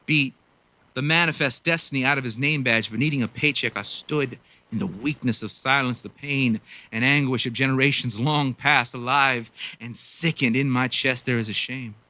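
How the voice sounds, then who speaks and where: Man in his forties, spoken word poet, rhythmic and earnest, very bright tone, dry sound. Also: mid-range voice, no echo. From Los Angeles, USA. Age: 40s. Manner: rhythmic, earnest delivery with casual asides. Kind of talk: spoken word poetry performance.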